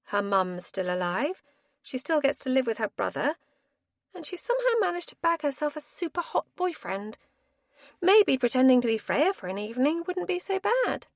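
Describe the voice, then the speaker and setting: A woman narrating a first-person thriller audiobook in a lively, expressive reading. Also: high voice, normal speed, no room sound, studio quality.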